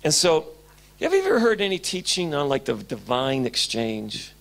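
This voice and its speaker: Male pastor, sermon storytelling: high, gravelly, very lively pitch. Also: moderate pace. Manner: animated storytelling, swinging between loud and hushed. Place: church.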